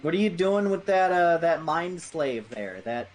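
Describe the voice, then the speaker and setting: A man's voice: on the high side, expressive, measured pace, a little hiss or hum. A young man chatting casually while streaming a game, rambling with many fillers. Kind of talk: casual gaming chat.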